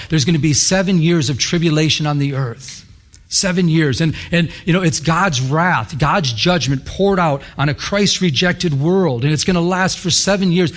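A pastor telling a story in a sermon, quoting scripture, lively at times and hushed at others. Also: male voice, a little high. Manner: animated, quotes scripture, drops to hushed intensity.

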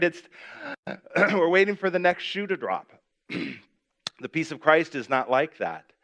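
A man's voice: fairly high pitch, very animated, a little slow, pauses often, a bit bright. Conversational male preacher. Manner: conversational, repeats and restarts, reads scripture aloud. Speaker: pastor. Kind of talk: sermon.

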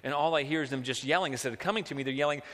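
Bright-voiced male preacher in a hall. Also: mid-range voice, rapid-fire. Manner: conversational, acts out quotes. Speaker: pastor. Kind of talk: sermon. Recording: long hall reverb.

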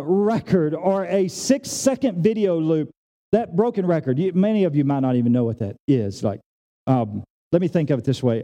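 A man preaching a sermon at a church service. He talks plainly with everyday examples and swings between raised, emphatic lines and low, hushed ones. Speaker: pastor.

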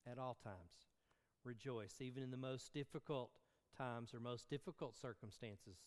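A pastor preaching a sermon in an earnest way, with filler ums and self-corrections. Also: male voice, mid-range voice, normal speed, long reverb tail.

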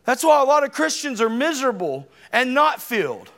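A man in his thirties, a preacher delivering an emphatic, conversational sermon with sudden loud bursts. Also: extremely high pitch, very animated, a little fast. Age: 30s.

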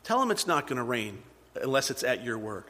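A man preaching a sermon, moving between loud emphatic peaks and hushed, near-whispered passages. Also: mid-range voice, big pitch swings, brisk. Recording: long hall reverb.

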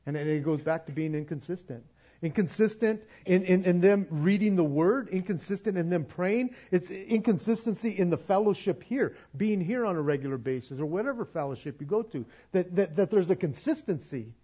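A man preaching in a church, talking casually and conversationally, with a slightly high voice. He stumbles and restarts his words and laughs as he goes. The recording sounds dull and lo-fi. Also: lively intonation, a little fast, breathy edge. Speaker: pastor. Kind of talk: sermon.

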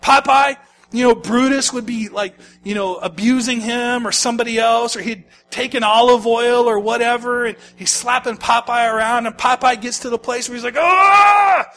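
Middle-aged male pastor, high bright voice, dynamic sermon delivery, slight hum. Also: normal speed. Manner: animated preaching, swings from shouting to near-whisper.

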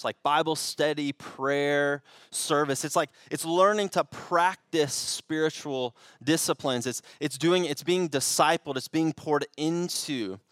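A young man gives a sermon in a loose, conversational manner, stumbling and restarting his phrases as he goes. His voice sits a little high for a man. The sound is dry and close, with almost no room echo. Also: fairly bright tone. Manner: conversational with frequent restarts and fillers. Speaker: pastor.

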